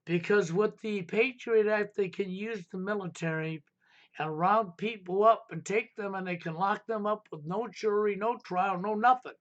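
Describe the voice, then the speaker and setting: High-voiced ranting male stream host. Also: normal speed, a bit bright, dull audio. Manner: ranting, insistent, repeats "okay?" and "right?". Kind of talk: heated political talk stream.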